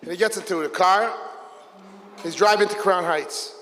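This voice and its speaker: A man, a rabbi, telling a story at a Hasidic gathering, lively and acting out the people in it. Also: sits high, moderate pace, a little hiss or hum. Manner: animated, voices characters in the story. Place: large hall with a gathered audience. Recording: long hall reverb.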